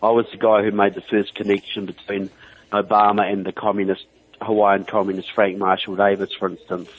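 A man's voice: fairly low pitch, little pitch movement, brisk, slight background noise. A man from New Zealand with a New Zealand accent, a guest author calling in to a political radio show, talking earnestly and stacking up long lists. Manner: earnest, emphatic, runs through long lists. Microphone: telephone. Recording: phone line.

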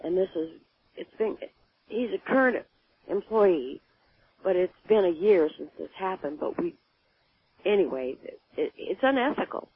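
A woman calling in to a radio show with a hoarse morning voice, asking a hesitant, rambling question. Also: fairly low pitch, expressive, a little slow, dry recording. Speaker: caller. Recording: thin, dry phone line.

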